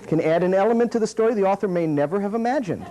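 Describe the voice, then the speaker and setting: Animated, mellow-voiced puppetry teacher. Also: male voice, high voice, racing, dull audio. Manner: animated, demonstrative. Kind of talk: workshop teaching.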